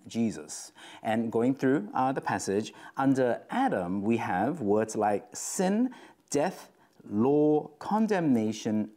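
Man giving a lively, chatty Bible talk. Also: lowish voice. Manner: conversational, stresses words, many fillers and "right?". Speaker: devotional speaker. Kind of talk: casual Bible teaching.

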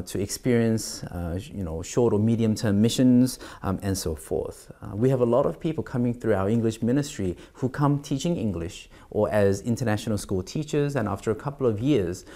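A man's voice: on the low side, dark tone. A middle-aged man as pastor, giving a devotional sermon and reading scripture aloud, with many fillers and restarts.

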